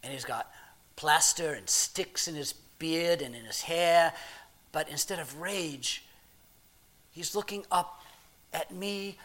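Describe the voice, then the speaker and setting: In a slightly high voice, a man performs a dramatic first-person monologue as a plain-spoken, married working man, using rough everyday grammar and halting restarts. He sinks to a hushed murmur and rises to loud, excited telling, sounding awed and tender.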